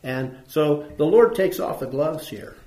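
Male preacher, talky Bible lesson, fond of questions and repetition, slightly raised pitch, roomy church acoustics. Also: animated, unhurried, warm tone. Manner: asks the audience questions, repeats points for emphasis. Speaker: preacher teaching a Bible class. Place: church room with audience. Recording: echoey room.

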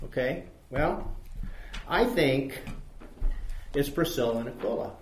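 A man's voice: on the high side, moderate pace, echoey room, a little hiss or hum. A man teaching a Bible study class, reading verses aloud and asking his listeners questions.

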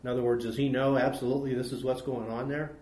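A man's voice: mid-range voice, little pitch movement, fast talker, darkish tone, roomy sound. A man teaching a Bible study class, reading verses aloud and asking his listeners questions.

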